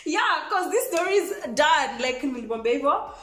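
A woman telling a storytime vlog, animated and laughing as she talks. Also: sits high, moderate pace. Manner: animated, laughing, switching between English and Swahili. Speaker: vlogger. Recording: echoey room.

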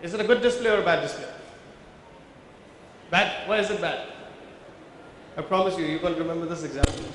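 A man's voice: on the high side, a little fast, long pauses, fairly bright tone. Man lecturing in an echoey hall. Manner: engaging, quizzes the audience, explains step by step. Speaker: visual merchandising trainer. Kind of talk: workshop lecture with audience questions. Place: large conference hall with a live audience. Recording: very echoey hall, faint background noise.

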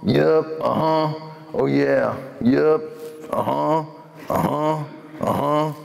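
A man's voice: fairly high pitch, fairly even intonation, slow pace, gravelly, a little mellow, full character voice. Man putting on a cheerful drunk cowboy. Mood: sloppy, cheerful. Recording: echoey hall.

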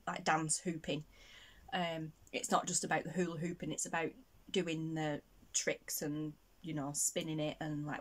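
A middle-aged woman from Northern England with a Northern English accent, chatting casually and rambling as a vlogger, laughing often. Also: on the low side. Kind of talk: casual chat.

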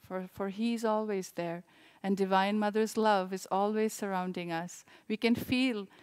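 Woman, mid-pitched, soft reflective sermon delivery, warm and unhurried. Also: steady tone, clear, resonant tone. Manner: gentle, reflective, with frequent restarts. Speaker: service leader.

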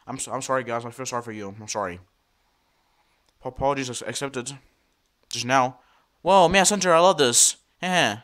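A man giving casual commentary over a computer screen recording, talking to viewers in a halting, excitable way and often repeating and restarting words. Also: medium pitch. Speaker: computer vlogger.

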